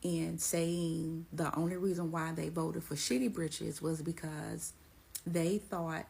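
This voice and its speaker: Husky low woman telling gossip with sarcasm. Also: level tone, slow pace, darkish tone. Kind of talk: storytelling social media video.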